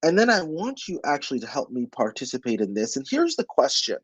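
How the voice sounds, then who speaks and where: A man's voice: mid-range voice, wildly swooping pitch, brisk, husky, no room sound, dull audio. A man giving a motivational webinar talk as the presenter. He speaks emphatically and asks his audience many rhetorical questions.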